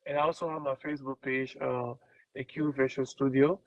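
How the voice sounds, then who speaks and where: A man's voice: medium pitch, little pitch movement, brisk, no echo. A man hosting an interview show, upbeat and coaxing his guest along in casual talk. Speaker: host. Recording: dull, muffled sound.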